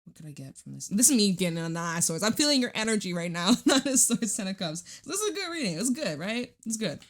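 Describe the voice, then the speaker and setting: A woman's voice: mid-range voice, big pitch swings, quick pace. A woman giving a casual tarot reading to camera, chatty and reassuring, swearing casually and jumping between thoughts. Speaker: tarot reader.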